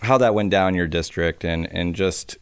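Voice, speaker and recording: A man's voice: sits low, normal speed, clear, resonant tone. A male co-host in a studio, asking an interview question hesitantly and restarting his phrasing. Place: radio studio.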